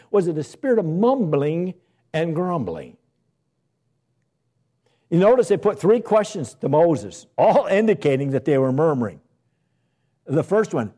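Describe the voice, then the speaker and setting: A man's voice: a little high, huge pitch swings, moderate pace, pauses often, mellow. A male pastor preaching a sermon with emphatic delivery and many rhetorical questions.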